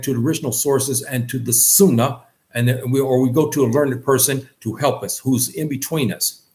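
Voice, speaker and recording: Earnest male teacher giving a faith lesson, mid-pitched voice, repeats himself and lifts pitch for emphasis. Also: a little mellow. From West Africa. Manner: earnest, repeats phrases, pitch rises on key points. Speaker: religious teacher. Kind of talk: lecture.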